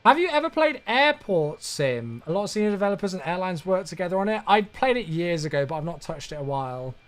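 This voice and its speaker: A man's voice: high voice, very animated, fast talker. A man streaming a flight simulator, chatting in an easygoing way and answering viewers' questions aloud, a bit sleepy and yawning. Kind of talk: casual live-stream chat.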